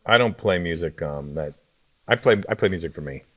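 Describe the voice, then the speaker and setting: A middle-aged man, a comedian guest, telling stories in a relaxed way with dry jokes in a casual interview chat. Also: deep voice, fairly quick.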